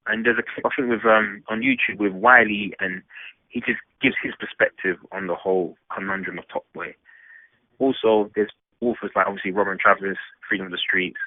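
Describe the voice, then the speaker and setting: A man's voice: lowish voice, dry recording. A man from England, ranting animatedly and emphatically in a casual phone discussion. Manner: animated, emphatic, rambling rant. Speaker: panel guest. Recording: tinny phone line.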